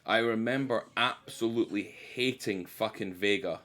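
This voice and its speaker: Male streamer, low-ish voice, casual sweary banter, self-deprecating. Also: normal speed, a bit bright. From United Kingdom. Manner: chatty, swears freely, self-mocking. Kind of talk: casual live-stream chat while gaming.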